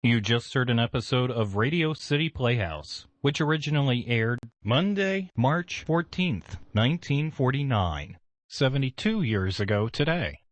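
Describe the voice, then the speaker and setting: A male station announcer introducing old radio programs in a steady, clear way. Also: medium pitch, normal speed, no echo.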